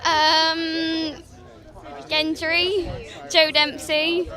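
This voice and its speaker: A woman's voice: very high-pitched, flat delivery, extremely slow, sharp tone, some chatter behind. A woman answering interview questions casually, thinking aloud and correcting herself. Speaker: cast member interviewee.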